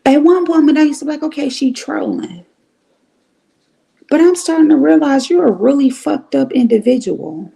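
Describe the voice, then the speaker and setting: A woman's voice: high voice, a little fast, gravelly, hardly any pauses, dark tone. A middle-aged woman from Cleveland, ranting bluntly and profanely on a casual livestream. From Cleveland, Ohio. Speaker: livestream host.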